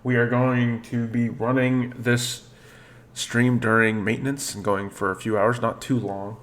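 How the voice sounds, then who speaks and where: A man running a tabletop game as game master, narrating the scene at an easy pace with frequent fillers and restarts. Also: medium pitch. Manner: relaxed, halting narration with many fillers.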